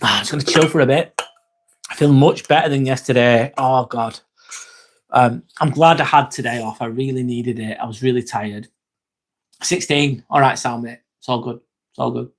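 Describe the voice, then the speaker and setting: Speaking in a mid-range voice at a moderate pace, this English man chats casually on his livestream. He answers viewers' comments by name and swears freely.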